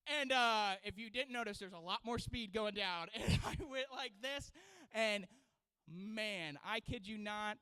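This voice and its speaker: A man who is a children's pastor, preaching a sermon and telling a story in an animated way with frequent laughter. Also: sits high, unhurried, clean tone, rough recording. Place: church sanctuary.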